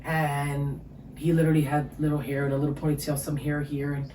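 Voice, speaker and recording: A woman's voice: deep voice, fairly quick. A woman, giving an emotional personal testimony as an interview guest. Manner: emotional, storytelling, animated. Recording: echoey room with faint ambient noise.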